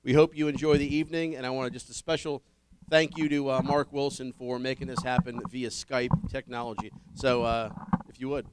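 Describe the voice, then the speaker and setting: Heavy background noise surrounds a man hosting a public dinner forum, whose medium-pitched delivery is brisk and flat. Still upbeat toward the dinner audience, he welcomes everyone, states the ground rules and introduces the panelists in his event announcements.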